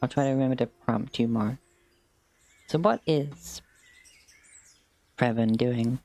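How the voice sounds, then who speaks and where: A man's voice: medium pitch, takes it slowly, darkish tone. A man running an online tabletop game as game master, talking in an easygoing, chatty way over a voice call. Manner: easygoing, chatty, casual fillers.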